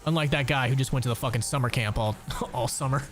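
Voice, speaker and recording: He's a gaming streamer in his twenties with a mid-range, fairly bright voice and a quick pace. Over background music he rambles through gameplay, swearing heavily and laughing often.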